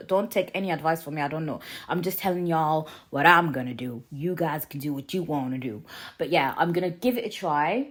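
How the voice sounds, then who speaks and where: A woman's voice: low voice, brisk. A woman hosting her own podcast, chatting in a confiding way with many restarts and a lingering cough, recorded in a living room. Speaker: podcast host. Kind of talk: casual solo podcast chat.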